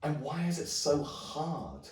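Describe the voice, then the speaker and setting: A man's voice: a little high, sing-song, slow, a little mellow. A man, a hand drum teacher thinking aloud in a rambling way with many restarts. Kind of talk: musing talk to camera. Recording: roomy echo, mic at a distance.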